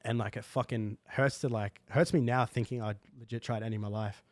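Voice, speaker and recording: A man's voice: medium pitch, fairly even intonation, a little fast, no room sound, studio quality. A young man telling a personal story in a casual, slangy podcast chat full of fillers. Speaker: guest. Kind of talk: candid podcast conversation.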